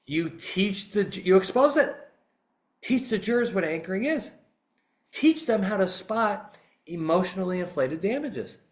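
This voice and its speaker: A man who is a litigation psychologist, giving an animated, emphatic instructional talk on a podcast. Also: sits high, unhurried.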